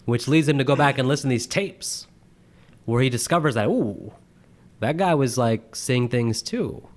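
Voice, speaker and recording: A man co-hosting a casual movie review chat, animated and quick to laugh, acting out quotes in exaggerated voices. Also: mid-range voice. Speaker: podcast co-host.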